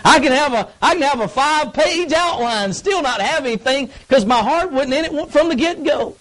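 A man's voice: extremely high pitch, expressive, moderate pace, a bit bright, low-quality recording. A man preaching a folksy, emphatic sermon to young people in church. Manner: folksy, emphatic, acts out grumbling kids. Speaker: youth pastor.

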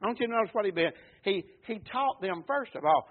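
A man preaching a sermon in a folksy way, repeating words, building to loud calls and then dropping low. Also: animated, quick pace. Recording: tinny phone-like recording.

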